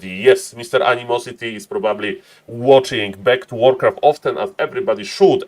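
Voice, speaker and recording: A man casting a strategy game live on stream, excitable, laughing often and calling out to ladies and gentlemen. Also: mid-range voice.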